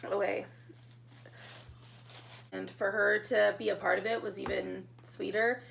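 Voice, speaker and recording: A young woman telling her engagement story in a casual storytime vlog, chatty and excitable, getting emotional as she talks. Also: medium pitch, unhurried, vocal fry, a little hiss or hum. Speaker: vlogger.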